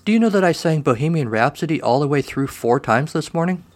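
A man voicing an excitable lonely friend. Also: fairly high pitch, fast talker, pitched above the performer's own voice, close to an everyday voice. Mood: offhand. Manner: bursts between loud excitement and flat quiet. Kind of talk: read-aloud short story dialogue.

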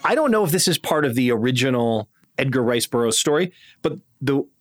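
A man's voice: medium pitch, animated, brisk, soft background music. A man co-hosting a casual film review podcast, talking in a wry, sardonic way with dry jokes. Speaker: podcast co-host.

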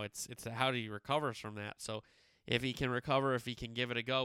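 A man's voice: medium pitch, sharp tone, smooth, no echo. A young man runs through the weekend's fixtures in a loose, opinionated sports-show chat, tossing in slangy asides. His voice is very clean and resonant, recorded close and dry with no room sound. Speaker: sports podcast host. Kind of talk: casual sports preview chat.

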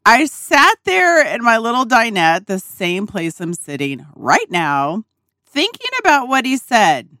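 A woman hosting a podcast talks through a personal story at an unhurried pace. Her pitch swings widely as she laughs and swears casually. The sound is dry and close, recorded in a small RV dinette. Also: big pitch swings, bright, forceful tone, dry recording. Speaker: podcast host.

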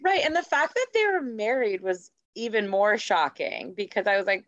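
A woman co-hosting a casual chat, laughing often and reacting quickly. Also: medium pitch, sing-song, no echo, lo-fi sound. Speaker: podcast co-host.

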